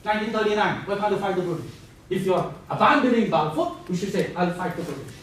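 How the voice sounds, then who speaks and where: A man lecturing a class, animated and quizzing students with playful asides. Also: high voice, fast. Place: large echoey lecture room. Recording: echoey classroom from far off, faint hiss.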